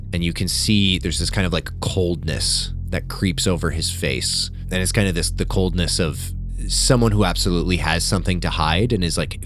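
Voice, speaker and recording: A man narrating as game master of a tabletop horror game, relaxed and full of asides. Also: low voice.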